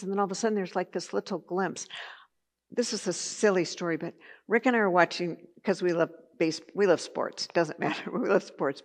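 A woman teaching a Bible study lesson in a conversational way, with chatty asides and filler words. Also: fairly low pitch.

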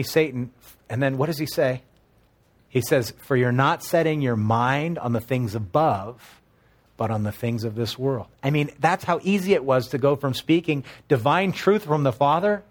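Pastor, male, mid-pitch voice, conversational sermon with humor between scripture readings. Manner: expository Bible teaching with humorous asides; reads scripture aloud, then explains it conversationally.

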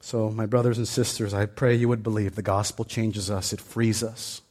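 Speaking as a pastor, this man starts his sermon with a rambling personal story, all fillers and restarts, then rises into fervent, emphatic preaching. His voice is lowish and a little mellow, level in tone, at a moderate pace.

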